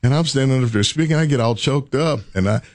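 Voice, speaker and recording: A man's voice: mid-range voice, fast, no echo, clean studio sound. A man hosting a talk radio show, chatting casually and laughing often as he tells stories. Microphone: studio microphone.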